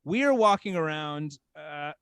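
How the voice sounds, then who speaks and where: A man from small-town Texas telling a casual story as a podcast guest, animated and full of "like". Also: a little high, unhurried, clean tone, dry recording, studio quality. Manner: animated, heavy use of "like".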